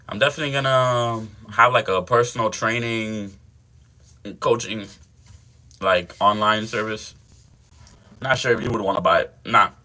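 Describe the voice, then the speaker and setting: A man's voice: fairly low pitch, bright, forceful tone. A young man hosting a fitness livestream, chatting casually with viewers in a slangy, laid-back way.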